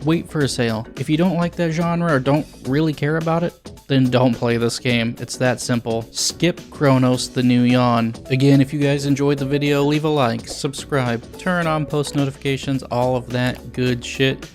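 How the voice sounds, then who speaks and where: A man's voice: medium pitch, steady tone, normal speed, soft background music. A young man reviewing a video game, blunt and sarcastic with crude jokes.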